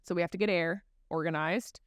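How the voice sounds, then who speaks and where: Smooth-voiced woman explaining step by step. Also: on the low side, fairly even intonation, brisk, no room sound, clean studio sound. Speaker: guest expert on child speech development. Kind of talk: explanatory podcast interview.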